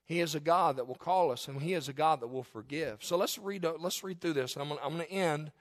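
A male preacher with a high-pitched voice delivers a sermon. He swings from loud, emphatic peaks down to soft, hushed passages. When he reads scripture he slows right down and stretches the words out dramatically. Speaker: pastor.

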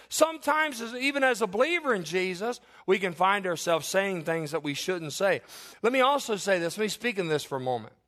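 A male pastor delivers an emphatic sermon to his congregation. His voice sits high for a man, and he drives points home by repeating lines and asking the room questions. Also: bright, forceful tone. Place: church.

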